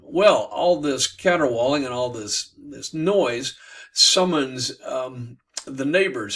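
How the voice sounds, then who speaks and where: A man teaching literature, retelling an old bawdy tale with playful, animated energy and plenty of fillers. His voice is bright and forceful. He sits a bit far from the mic. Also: medium pitch. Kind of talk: lively retelling of a classic tale.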